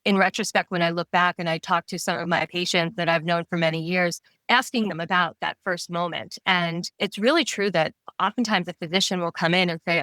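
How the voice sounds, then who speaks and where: A middle-aged woman with a Long Island New York accent, a retired oncologist explaining things clearly and warmly laughing as a podcast guest. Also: fairly low pitch, a little fast, no echo. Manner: articulate, explanatory, laughs easily. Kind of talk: podcast interview.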